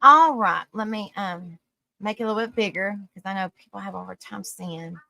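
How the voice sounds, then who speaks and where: With a mid-range, gravelly voice and a sharp tone, a weary live-stream host reads an article at a moderate pace, stumbling on hard words. She's affectionate toward her viewers, greeting them as sweetie and honey, and the sound has no echo.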